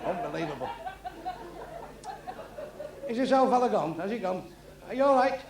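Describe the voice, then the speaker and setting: A man's voice: high voice, moderate pace. A middle-aged man doing blunt, crude stand-up comedy on a club stage. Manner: blunt, crude, deadpan delivery. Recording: echoey club with crowd noise.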